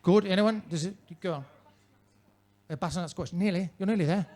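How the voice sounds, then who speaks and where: A man's voice: high voice, brisk, a little mellow. A male stand-up comedian performing in a comedy club with a mannered, theatrical, droll delivery into a handheld mic.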